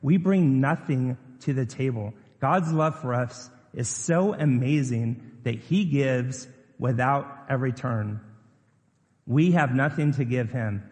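In a church sanctuary, a pastor with a mid-range, darkish voice delivers a slow sermon. He keeps it chatty and conversational, posing questions to his congregation, and the recording carries the long reverb of the church hall.

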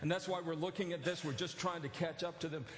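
Animated high-voiced preacher in echoey hall. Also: male voice, fast talker. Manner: animated, rising to near-shouting emphasis with joking asides. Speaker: pastor. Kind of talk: sermon. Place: church sanctuary.

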